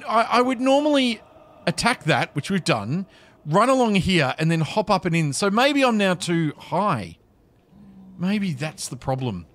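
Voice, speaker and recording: A man's voice: on the high side, fairly bright tone, slight background noise. A man giving casual, flustered commentary while playing a video game, chatting to the creatures on screen.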